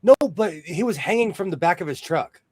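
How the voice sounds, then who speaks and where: A man hosting a casual sewing show chat, telling jokey stories in an animated way. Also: high voice, a little fast, no room sound. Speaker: host.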